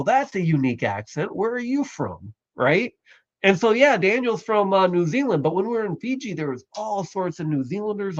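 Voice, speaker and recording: Male stream host, slightly high voice, rambling casual chat, dry dull lo-fi sound. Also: no echo. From Canada. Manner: rambling, self-correcting, chuckles often.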